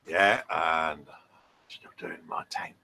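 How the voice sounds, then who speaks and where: A man's voice: very deep voice, lively intonation, slow, pushed and bright, a little hiss or hum. A man, a fellow model maker, chatting casually as a guest and teasing his friend with a laugh. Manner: teasing, laughs a lot, calls people mate. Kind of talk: casual chat.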